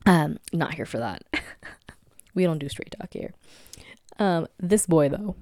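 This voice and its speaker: A young woman in her twenties chats through her own podcast from home. Her voice sits low and gravelly, with a dry, close sound. She talks candidly, swears freely and laughs often. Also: expressive, slow pace, pauses often, mellow, no room sound. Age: 20s. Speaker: podcast host. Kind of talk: casual solo podcast chat.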